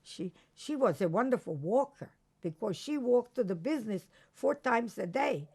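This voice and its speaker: An older woman from Croatia giving an oral history testimony, recalling events slowly with halting restarts. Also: fairly high pitch, expressive, gravelly, darkish tone, breathy edge. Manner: slow, halting recollection with restarts. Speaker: interviewee.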